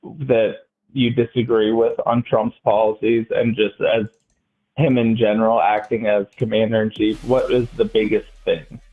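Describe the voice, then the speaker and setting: A man from central Pennsylvania calling in to a political debate, talking in a halting, hesitant way with many fillers. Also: on the low side, little pitch movement. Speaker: caller. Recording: tinny phone-like line.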